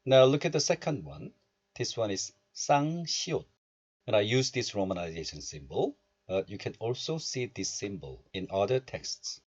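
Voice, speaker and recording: Male language teacher, low husky voice, lively pitch, patient syllable drills, dull lo-fi recording. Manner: explains step by step and repeats syllables slowly for learners. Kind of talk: recorded pronunciation lesson.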